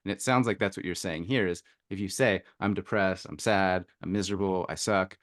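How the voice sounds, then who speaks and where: A man hosting a podcast in a casual, thoughtful way, pausing and searching for his words. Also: deep voice, a bit bright, no echo, studio quality. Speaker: podcast host.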